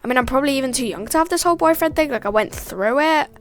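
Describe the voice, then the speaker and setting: Bubbly high-voiced teen girl. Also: lively intonation, racing. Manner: chatty, full of "like", acting out dialogue. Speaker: storyteller. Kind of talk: storytime vlog.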